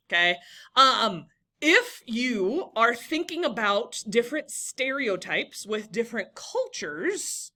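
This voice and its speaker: A woman's voice: on the high side, sharp tone. A young woman teaching a classroom lesson, encouraging and talking to students by name.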